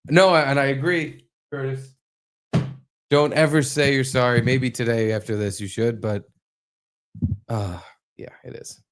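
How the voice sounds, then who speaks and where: Male podcast co-host, mid-pitch, crude joking banter while reacting to clips. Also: fairly even intonation, measured pace, pauses often. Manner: profane, joking, reacting to videos. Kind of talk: casual comedic banter.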